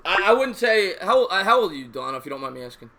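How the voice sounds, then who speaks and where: A man in his thirties with a New York accent, hosting a live sports call-in show, chatty and quick to repeat himself. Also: sits high, sing-song, over a noisy crowd. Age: 30s.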